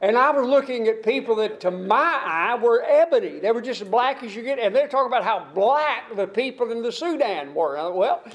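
High-voiced older man preaching in a rambling drawl. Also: expressive, brisk, few pauses. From United States. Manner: rambling, repeats words and restarts phrases, drawls key lines. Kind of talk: sermon.

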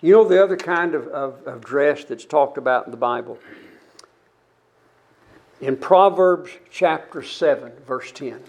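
A man in his seventies preaching a sermon to his congregation, earnest and halting, often restarting his words. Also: on the high side, darkish tone. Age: 70s.

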